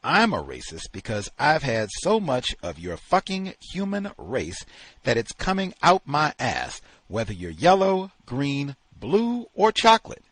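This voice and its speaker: A man voicing a furious, gruff male kennel owner who rants against everyone, read aloud from a novel. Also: mid-range voice, wildly swooping pitch, measured pace, no echo, full character voice. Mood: defiant. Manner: shouting, ranting.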